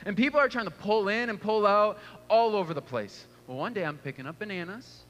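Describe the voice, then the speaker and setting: A man in his thirties, a pastor, preaching a sermon with animated storytelling and acted-out voices. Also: high-pitched, fairly quick. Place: church auditorium. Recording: long hall reverb.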